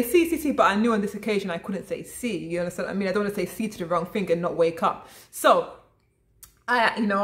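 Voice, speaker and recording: Chatty woman vlogger talking to camera. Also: mid-range voice. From lives abroad in Italy. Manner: chatty, addresses viewers as guys, frequent restarts. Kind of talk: casual vlog chat to camera.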